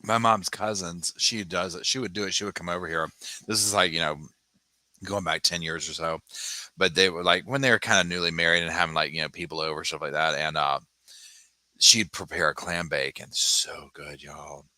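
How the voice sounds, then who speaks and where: A man hosting a casual live chat from home, chatty and animated, swearing casually and laughing loudly as he reads viewer comments. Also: low voice, moderate pace, no echo. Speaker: true crime channel host. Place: home, on a sofa.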